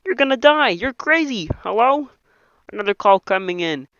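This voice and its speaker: A man doing an impression of a nasal, excitable male puppet frog, reading a whole film script aloud as every character. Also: high-pitched, moderate pace, clear, resonant tone, no room sound. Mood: froggy reading. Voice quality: nasal, reedy. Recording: dull lo-fi dry home mic.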